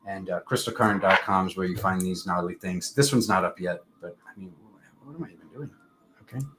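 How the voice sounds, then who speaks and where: A man hosting a casual live-stream tarot reading, talking in an unhurried, rambling spiritual way with many fillers. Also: deep voice, very noisy.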